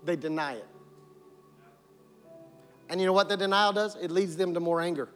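High, bright-voiced pastor preaching. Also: male voice, normal speed. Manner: repetitive preaching cadence, rising to emphatic calls. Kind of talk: sermon. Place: church sanctuary. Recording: long hall reverb with music.

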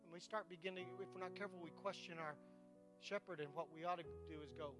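A man's voice: sits high, fairly even intonation, fast talker, music in the background. A pastor preaching a sermon to his congregation, emphatic and repeating his points.

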